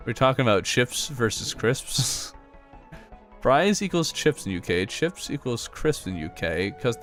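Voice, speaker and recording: An American man livestreaming a game, bantering with his chat in a bouncy, animated voice that swings up and down. His pitch sits in the middle for a man, and soft game music plays underneath. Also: slow pace. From United States. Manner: joking banter, reading chat aloud. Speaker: streamer. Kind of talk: casual gaming livestream chat.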